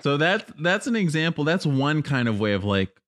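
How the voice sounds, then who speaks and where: A man in casual podcast talk, explaining his point in a measured way and walking through examples with some fillers. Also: a little high, sing-song, a bit bright, no echo, clean studio sound. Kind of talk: casual chat.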